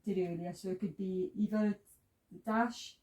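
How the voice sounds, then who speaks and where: Patient woman teaching, slow and mellow. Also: mid-range voice, steady tone, distant mic, poor audio. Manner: patient, repeats sounds and steps. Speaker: Hebrew teacher. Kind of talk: slow step-by-step lesson.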